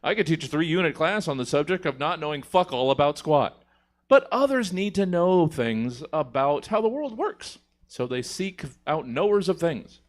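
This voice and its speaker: A man hosting a comedy panel show, his voice a little high and very lively. He jokes, laughs and swears casually as he sets up the next game. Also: normal speed.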